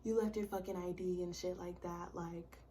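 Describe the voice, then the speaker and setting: A woman's voice: on the low side, steady tone, moderate pace, warm tone, recorded from a distance. A young woman telling a personal story in casual vlog style, blunt and profane, with many "like"s and "bro"s, sometimes dropping to a whisper. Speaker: vlogger.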